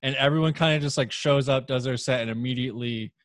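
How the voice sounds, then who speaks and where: Man, comedian, relaxed chat, lots of filler words, dry close sound. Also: mid-range voice, quick pace, no room sound. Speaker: stand-up comedian. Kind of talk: casual podcast chat.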